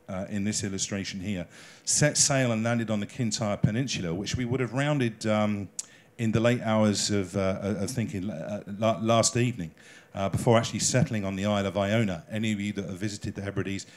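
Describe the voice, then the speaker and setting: An English man giving a chatty lecture on whisky to an audience, with slides, often checking in with the room and making small jokes. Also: lowish voice. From England. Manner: chatty, jokey, asks the audience questions. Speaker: cruise ship enrichment lecturer.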